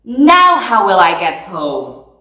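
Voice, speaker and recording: A woman voicing an excitable, cheerful witch who shouts her spells in a drawn-out way. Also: mid-range voice, recorded from a distance, exaggerated voice. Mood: exclaiming. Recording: echoey room, voice off mic.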